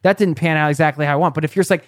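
A man's voice: a little high, steady tone, racing, no echo, studio quality. A man hosting a conversational podcast interview, chatty and asking probing questions. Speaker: podcast host.

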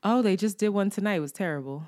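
A woman co-hosting a podcast, telling stories in a casual chat, animated and laughing often. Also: mid-range voice, fast, dry recording, studio quality. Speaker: podcast co-host.

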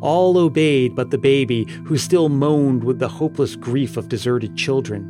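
A man reading a gothic tale aloud in a measured, solemn voice of middle pitch. Music plays clearly beneath his narration. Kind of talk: dramatic storybook reading.

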